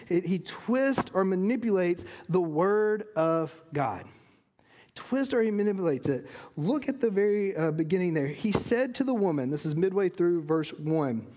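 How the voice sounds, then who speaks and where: High-voiced earnest male pastor preaching. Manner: earnest, falls to a hush at phrase ends. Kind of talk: sermon.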